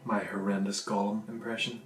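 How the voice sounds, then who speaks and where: A young man with a Northern Irish accent, chatting enthusiastically in a casual food vlog and dropping into softer asides. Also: fairly low pitch, flat delivery, normal speed. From Northern Ireland. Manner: chatty, enthusiastic, drifts between loud and soft asides. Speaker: vlogger. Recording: echoey room with faint music.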